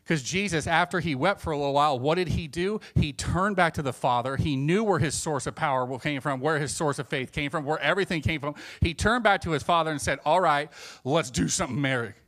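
A man preaching a sermon, swinging between hushed asides and emphatic points, acting out the voices he quotes. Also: on the high side, a little fast, few pauses.

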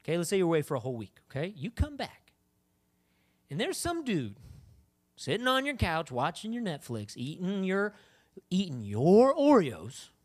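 A woman preacher giving a sermon in a conversational, animated way, often acting out the voices of the people she talks about. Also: on the low side, moderate pace.

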